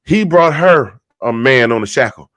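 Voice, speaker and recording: A man on a football roundtable show telling a long comedic story, animated and rambling, repeating himself for effect. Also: medium pitch, normal speed, no echo. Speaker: regular segment host telling a joke.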